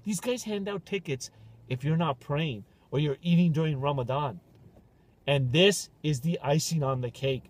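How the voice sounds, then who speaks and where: A man's voice: on the high side, normal speed. A man hosting a podcast, telling stories in casual, joking banter. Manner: animated, joking storyteller. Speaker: podcast host.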